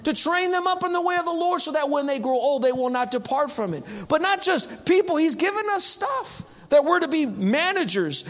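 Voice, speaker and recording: Male preacher, very high voice, animated, humorous, conversational sermon. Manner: animated, humorous, acts out quotes.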